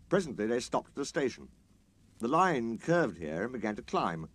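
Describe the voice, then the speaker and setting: Man reading a children's story, lively lilt. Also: medium pitch, moderate pace. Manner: expressive, lilting storytelling.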